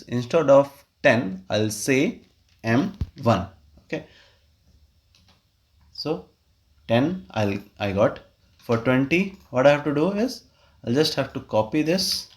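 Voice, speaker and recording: A man, explaining a spreadsheet tutorial step by step with frequent okays and uh fillers. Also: medium pitch. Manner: step-by-step, explains while clicking, frequent "okay" and "uh". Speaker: tutorial host. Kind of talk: screen-recorded software tutorial.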